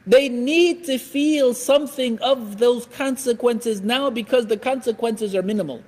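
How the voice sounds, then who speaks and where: A man with a strikingly high voice gives a religious lecture with animated delivery, acting out everyday scenes as he goes. His voice rings out with the long reverb of a large hall. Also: a little slow. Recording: echoey hall.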